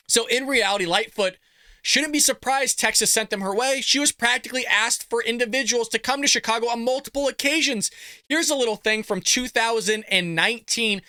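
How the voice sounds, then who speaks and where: A male show host with a high, very bright and forceful voice, tearing into the news with sarcasm and chuckles. His sound is close and dry, with no room around it. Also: normal speed, smooth, dry recording. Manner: sarcastic, animated, laughs at his own jabs. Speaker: political commentary show host. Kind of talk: opinionated commentary reacting to news.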